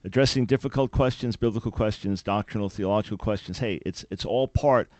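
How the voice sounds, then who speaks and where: A man's voice: fairly low pitch, brisk, darkish tone, dry recording. Earnest male radio call-in host. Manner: earnest, explanatory, emphatic. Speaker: radio talk show host. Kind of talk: call-in radio talk answering questions.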